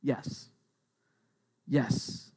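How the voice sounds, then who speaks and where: A man's voice: extremely slow, mellow, dry recording, studio quality. A middle-aged male pastor giving a conversational sermon, often repeating his key phrases for emphasis.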